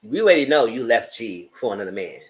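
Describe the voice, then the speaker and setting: A man gives casual live commentary on a TV show, sassy and talking straight back at the screen. His voice sits in a middling pitch, and he runs on in a loose, chatty flow. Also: sing-song, quick pace. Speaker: TV show reviewer.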